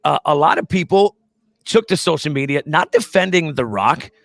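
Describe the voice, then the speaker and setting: A man's voice: fairly high pitch, animated, moderate pace, creaky, no echo. A man hosting a casual live show, joking around with his co-host and reading viewer comments. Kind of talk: casual live-stream chat.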